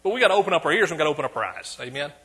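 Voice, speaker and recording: East texas preacher guy, husky, kinda bright and high, asks amen a lot. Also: sing-song, racing. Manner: calls for amens, swings between quiet and loud. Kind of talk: sermon. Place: church.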